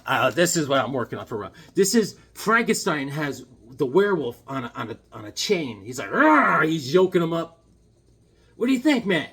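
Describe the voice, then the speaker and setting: Excitable husky man rambling about sketches. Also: medium pitch. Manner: excitable, rambling, jokey asides. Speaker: comic book vlogger. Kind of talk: casual show-and-tell vlog.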